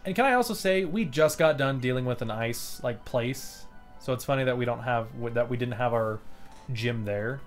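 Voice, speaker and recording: A man's voice: mid-range voice, normal speed, soft background music. A man streaming a playthrough live, rambling in casual commentary as he plays, swearing freely and chuckling often.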